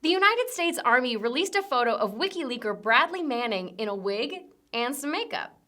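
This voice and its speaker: A woman's voice: high-pitched, lively intonation, moderate pace, bright, forceful tone. A young woman hosting a comedic news rundown, delivering sarcastic punchy jokes. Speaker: host.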